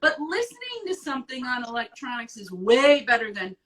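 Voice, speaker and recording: A woman hosting an advice show in casual chat, blunt and profane, talking with animated emphasis. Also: high-pitched, brisk, far from the mic, poor audio.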